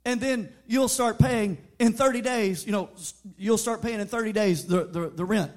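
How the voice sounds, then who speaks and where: A man's voice: high voice, normal speed, lightly acted. A man voicing a blunt landlord who lays out hard lease terms. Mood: dismissive. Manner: dismissive, matter-of-fact.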